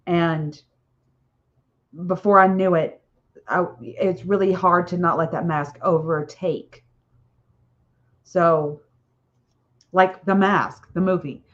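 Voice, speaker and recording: A woman with a fairly low voice chats casually on a live stream, rambling from one thought to the next and tagging lines with "okay?" Her audio comes through dull and muffled. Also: fairly even intonation, slow pace, pauses often. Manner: chatty and rambling, frequent "okay?" tags and laughs. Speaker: author hosting a book launch live stream.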